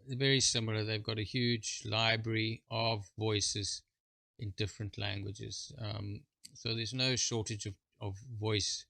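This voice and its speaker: Guy demoing software on screen, lots of ums, gravelly, super bright dry sound. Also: lowish voice, no echo. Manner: halting, full of fillers and restarts; chuckling, informal asides. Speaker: presenter. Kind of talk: screen-share software walkthrough.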